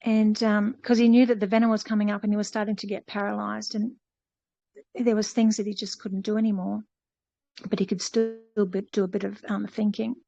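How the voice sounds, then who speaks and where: A woman's voice: medium pitch, little pitch movement, fairly quick, creaky, warm tone, no echo, dull audio. A woman casually retelling a faith story to a fellowship group, rambling with many fillers and restarts. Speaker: fellowship participant.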